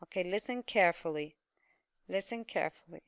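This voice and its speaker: A woman teaching an English pronunciation lesson, speaking slowly and repeating words with careful stress. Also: on the low side, clean tone, no echo.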